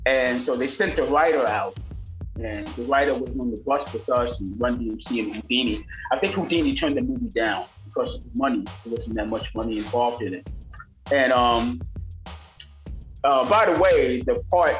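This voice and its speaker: An older man, a rapper being interviewed, telling animated stories and mimicking voices in casual talk. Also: mid-range voice, normal speed. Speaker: rapper guest. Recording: roomy sound with faint music.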